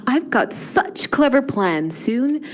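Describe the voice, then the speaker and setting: Casting: woman doing a whiny, possessive young noblewoman, lively sing-song, breaks into sobbing fits. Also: sits high, takes it slowly, slight background noise, pitched below the performer's own voice, heavily acted. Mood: sweetly menacing. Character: spoiled clingy aristocratic young woman. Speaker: player. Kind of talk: tabletop role-play.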